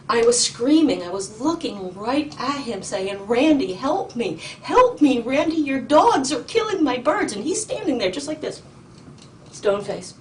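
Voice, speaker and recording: A middle-aged woman testifying in a courtroom, urgent and indignant, halting with ums and restarts. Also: medium pitch. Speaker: petitioner in court. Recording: distant mic with faint noise.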